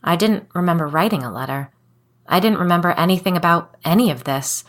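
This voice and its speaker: A woman with a fairly low voice reads a spooky first-person tale as a podcast guest. Her delivery is calm and measured, steady from line to line. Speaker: guest storyteller. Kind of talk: scripted narration of a creepy story.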